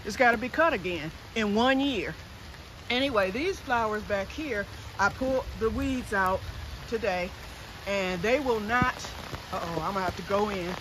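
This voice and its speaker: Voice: medium pitch, moderate pace, background noise. Vlogger in their 50s, casual chat, rambling and chatty, outdoors in the yard. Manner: rambling, jumps between topics. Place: outdoors in a wooded yard, light rain.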